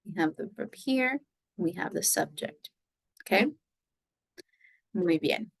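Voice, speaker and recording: A woman's voice: on the low side, animated, measured pace, vocal fry, husky, no echo, low-quality recording. A woman teaching a Spanish lesson, explaining patiently step by step and moving between English and Spanish. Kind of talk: recorded classroom lesson.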